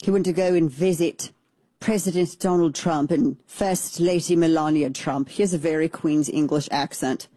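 Woman, political commentary host, low-pitched, mellow dark tone, opinionated, chatty asides, dry close sound. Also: fairly even intonation, normal speed, dry recording. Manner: conversational, opinionated, frequent restarts and asides.

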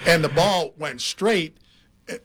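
Older man telling lively stories. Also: fairly high pitch, slow. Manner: animated anecdotes, laughs often. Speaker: former baseball player guest. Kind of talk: casual storytelling chat.

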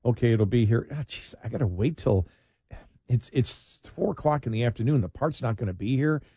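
A male talk radio host with a slightly husky voice, recorded dry and close in the studio. He rambles through casual banter, repeating words as he goes and laughing lightly between his thoughts. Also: mid-range voice, lively intonation, brisk, dark tone, no room sound.

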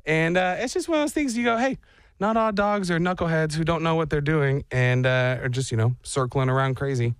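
A man's voice: a little high, fairly quick, clean tone, no room sound. A man hosting a radio show, chatting casually and joking, often acting out silly voices. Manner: animated, jokey, acts out voices for dogs and himself. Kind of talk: casual morning radio banter.

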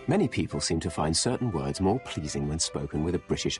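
A man's voice: rumbling low, lively intonation, fairly quick, few pauses, music in the background. A man voicing a radio commercial in a playful, tongue-in-cheek manner.

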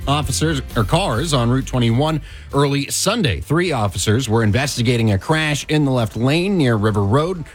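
A man reading a radio news bulletin in an even, measured delivery. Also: mid-range voice, breathy edge. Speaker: radio newscaster.

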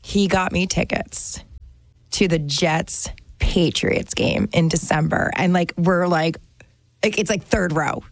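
A woman from New Jersey, chatting casually and excitedly as a regular on a radio talk show, laughing often. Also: fairly low pitch, takes it slowly, creaky, no echo.

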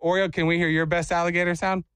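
A man hosting a radio show, telling a story in casual banter, animated and playful, slipping into silly voices. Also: high-pitched, fast, clean tone, no room sound.

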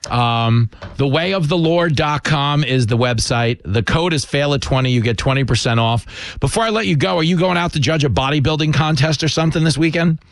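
Fast-joking man hosting talk radio. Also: fairly high pitch, no room sound. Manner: quick, self-mocking and jokey. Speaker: radio talk show host. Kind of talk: comic talk radio chat.

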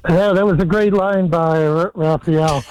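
A man calling in to a sports radio show, telling a funny story deadpan with a lot of ums. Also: on the high side, a little slow, smooth, poor audio. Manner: deadpan joke-teller, hesitant with many ums. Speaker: caller.

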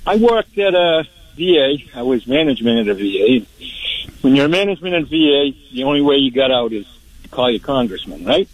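Husky older man caller, blunt. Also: mid-range voice, sing-song, no echo, low-quality recording. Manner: earnest, blunt, slows down on key names. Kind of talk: call-in radio complaint.

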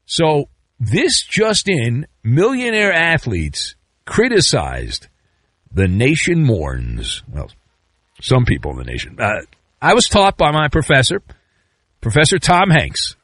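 Sarcastic male sports podcast host, comedic rant, wildly swinging pitch, dry close sound. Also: wildly swooping pitch, takes it slowly, a bit bright, no room sound. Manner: sarcastic, mocking, with sudden jumps in pitch.

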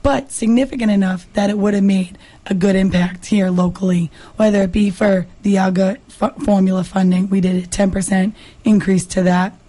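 A hoarse woman from Massachusetts with a raspy voice, a state representative talking earnestly as a guest in a radio interview, with many fillers and restarts. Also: medium pitch, steady tone, normal speed, warm tone. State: hoarse, lost her voice.

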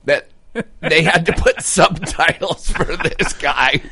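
A man hosting a radio show, joking loudly and bantering with his co-hosts. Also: a little high, takes it slowly. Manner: loud, joking, excitable.

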